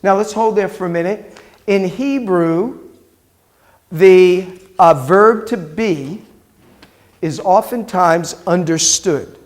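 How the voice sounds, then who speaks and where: A high-pitched, slow-speaking middle-aged rabbi gives a Hebrew lesson to a class, patiently repeating words aloud as he quizzes the students.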